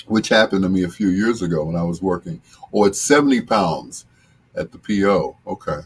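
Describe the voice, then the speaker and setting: An older man hosting a casual live stream with a deep, husky voice, chatting in a relaxed, joking way as he reads out viewer comments. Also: brisk, a little hiss or hum. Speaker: host reading viewer comments.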